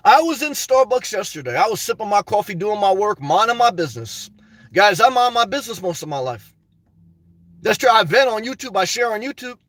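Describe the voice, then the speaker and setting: A man's voice: high-pitched, no room sound. A man venting and telling stories to his viewers in a rambling, casual monologue, often calling them "guys.". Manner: rambling, storytelling, frequent "guys" asides and laughs. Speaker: YouTuber.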